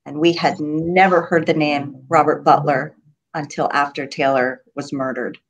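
A middle-aged woman from Florida, a grieving mother telling her story in an interview, halting with many pauses and her voice breaking at times. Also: low voice, steady tone. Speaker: guest, mother of a murder victim. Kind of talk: emotional interview.

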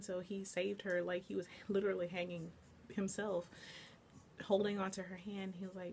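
A woman's voice: mid-range voice, flat delivery, normal speed, gravelly, a little mellow, a little hiss or hum. A young woman casually recapping and reviewing an anime episode, chatty and full of filler words. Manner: chatty, lots of "like" and "blah, blah, blah".

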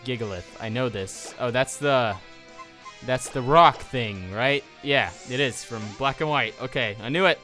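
A man's voice: medium pitch, unhurried, sharp tone, soft background music. A young man giving casual let's play commentary, exasperated and ranting at the game, with a sniffly nose.

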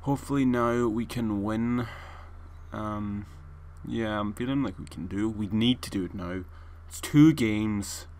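A young man commentating his own shooter match, excitable and quick to shout and complain. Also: on the low side. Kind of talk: gameplay commentary. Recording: noisy with game gunfire behind.

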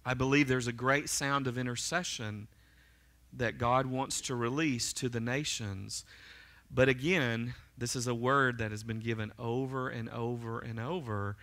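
Male pastor preaching hard in church, bright forceful voice, keeps asking the room "right?". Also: mid-range voice, steady tone, moderate pace. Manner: fervent, emphatic preaching with frequent "right?" and "amen?" to the congregation. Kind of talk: sermon. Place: church sanctuary.

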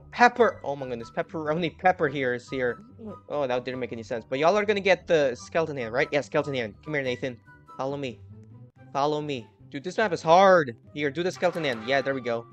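A man giving live gameplay commentary, excitably yelling at his teammates and swinging from muttering to shouting. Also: a little high. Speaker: gaming channel host.

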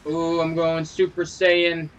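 A man talks casually over his gameplay, cracking jokes at his own expense and swearing freely. His voice sits fairly high, and he speaks slowly and unhurriedly. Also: monotone, lo-fi sound. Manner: joking, self-mocking, swears freely. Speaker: gaming video creator.

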